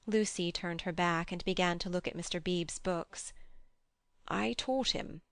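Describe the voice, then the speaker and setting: A woman narrating an audiobook in a measured, even way. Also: on the low side, clear, resonant tone, no echo, studio quality. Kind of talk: scripted narration.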